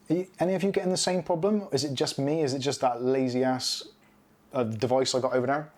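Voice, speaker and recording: A man's voice: medium pitch, brisk. A middle-aged British man hosting a casual live stream, rambling chattily and reading out viewer comments.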